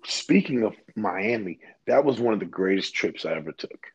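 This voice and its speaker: Lively, profane young man telling stories. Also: fairly low pitch, normal speed, vocal fry, slightly rough, highs cut off. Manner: profane, rambling storyteller. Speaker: podcast co-host. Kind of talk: casual chat.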